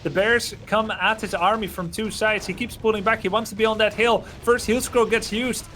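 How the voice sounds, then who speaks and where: A man with a Dutch accent giving animated, analytical live commentary on a strategy game match. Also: high-pitched, moderate pace, slight background noise. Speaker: esports caster.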